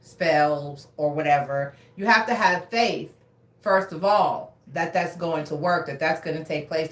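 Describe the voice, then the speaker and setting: A woman's voice: fairly low pitch, a bit bright, far from the mic. A woman doing a casual tarot reading, talking frankly, cursing freely and calling listeners baby. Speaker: tarot reader. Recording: roomy, away from mic.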